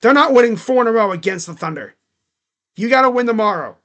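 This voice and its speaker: A man with a fairly high voice calls a basketball game live for his stream. He talks casually and rambles between plays, saying "like" a lot. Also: lively intonation, fast talker, a bit bright. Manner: casual, rambling, heavy use of "like". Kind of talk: live play-by-play reaction commentary.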